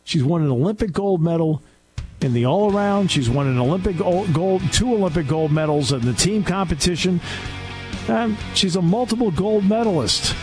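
A man's voice: sits high, expressive, normal speed, music in the background. A man hosting a talk radio show in a studio, delivering an opinionated, sarcastic and scolding monologue.

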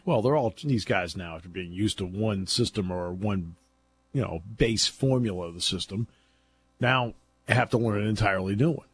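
A man's voice: fairly low pitch, normal speed, husky. A man talking football in casual chat, chatty and laughing often as he tells stories. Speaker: football analyst.

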